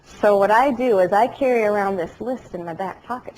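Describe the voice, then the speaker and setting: Lively woman lecturing on warning signs. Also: mid-range voice, a little fast, few pauses, noisy background. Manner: animated storytelling with jokes. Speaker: dementia care educator. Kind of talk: lecture to a class, also telecast. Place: classroom or lecture hall.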